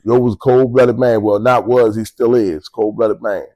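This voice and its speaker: A man's voice: medium pitch, steady tone, normal speed, warm tone, rough recording. An older man with a Baltimore accent telling prison stories in a casual, streetwise, profane way, with chuckles between beats. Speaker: storyteller recounting prison life. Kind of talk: casual storytelling to camera.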